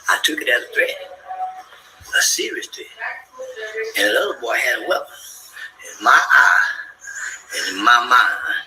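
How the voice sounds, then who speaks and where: A man telling a story in an animated, boisterous way, cursing freely and laughing often, with bursts of shouting. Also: mid-range voice, normal speed, pauses often, reverberant, slight background noise, rough recording. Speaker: podcast guest.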